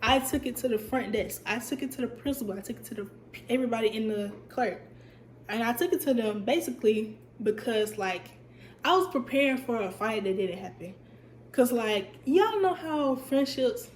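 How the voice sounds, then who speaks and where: A woman's voice: medium pitch, reverberant, a little hiss or hum. A young woman telling a storytime on her vlog, chatty and emphatic, her voice a bit stuffy and cutting in and out. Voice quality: voice sounds stuffy, cuts in and out. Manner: chatty, animated, emphatic repetition. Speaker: vlogger.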